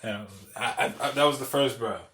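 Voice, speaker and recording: A man's voice: medium pitch, brisk, a bit bright. Young guy hosting a podcast, rambling funny story, swears a lot, cracks himself up. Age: young adult. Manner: loose, profane, laughs through his own story. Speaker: podcast host. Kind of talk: casual storytelling.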